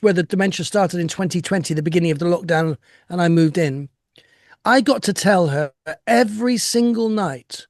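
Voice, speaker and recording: Speaking from home over a video call, an older interview guest chats casually and reflectively, laughing and restarting sentences. His voice is high-pitched, the audio studio quality with no room sound.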